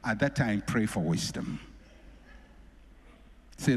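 Animated preacher man in an echoey hall. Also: mid-range voice, unhurried, long pauses, husky. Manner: animated, repeats phrases for emphasis, swings between loud and soft. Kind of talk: sermon. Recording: echoey hall with long reverb.

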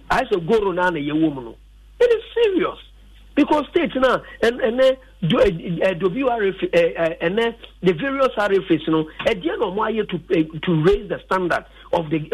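A man with a Ghanaian accent talks football as a radio pundit, speaking emphatically and sliding between English and a local language. His voice sits high and sounds husky, on a rough recording.

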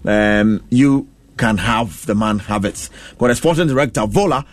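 A man hosting a radio sports talk show with a Ghanaian accent. He switches between Twi and English and reads out listener messages in a lively way. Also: on the low side, normal speed, no room sound. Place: radio studio.

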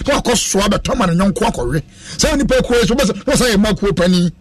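A man's voice: high-pitched, expressive, fast, hardly any pauses, husky. A man hosting a casual radio chat, joking and preaching in turn and switching languages as he talks.

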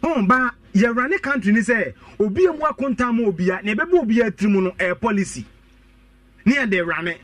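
A man's voice: sits high, expressive, a little fast, fairly bright tone, no room sound, far from the mic. A man with a Ghanaian accent arguing politics on a radio talk show, switching between Twi and English, emphatic and repetitive. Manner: mixing Twi and English, emphatic, repeats points. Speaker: political guest. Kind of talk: animated political debate.

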